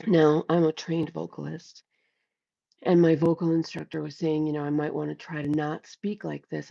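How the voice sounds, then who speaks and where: Chatting casually on her livestream via a headset with a mic, this middle-aged host is blunt, swears a lot and reads viewers' comments aloud. She has a deep, gravelly, darkish voice at normal speed, and the sound is lo-fi.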